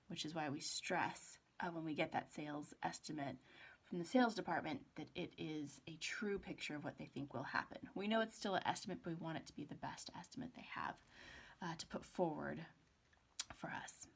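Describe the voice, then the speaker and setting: A woman teaching an accounting class in a recorded lecture, her voice gravelly and a little husky. She talks in a loose, chatty way, tosses rhetorical questions at the class, and mutters half to herself as she writes. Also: on the low side. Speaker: accounting professor.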